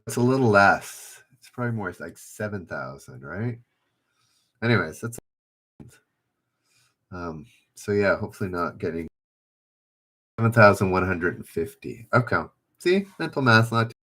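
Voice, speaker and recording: Casual man hosting a live trivia stream; bright voice, rambling, talks to his viewers. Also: on the low side. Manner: rambling, thinks aloud, chatty with viewers. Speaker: trivia livestream host. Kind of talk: casual livestream chat.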